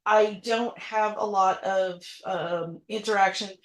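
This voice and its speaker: A woman co-hosting a casual podcast chat, amused and quick to laugh. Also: medium pitch, fairly even intonation. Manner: amused, laughs often, echoes the host. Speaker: podcast co-host.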